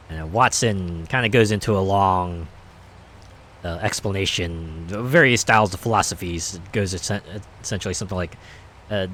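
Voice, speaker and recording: A man's voice: low voice, normal speed, fairly bright tone, a little hiss or hum. A man streaming a game, chatting casually in a rambling, hesitant way with many fillers. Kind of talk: casual chat while playing.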